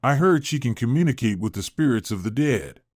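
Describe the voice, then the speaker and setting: A man's voice: medium pitch, expressive, fairly quick, darkish tone, dry recording, studio quality, lightly acted. A man reading the lines of an older mother who gives tearful, earnest advice to her daughter in a storybook tale. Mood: coaxing.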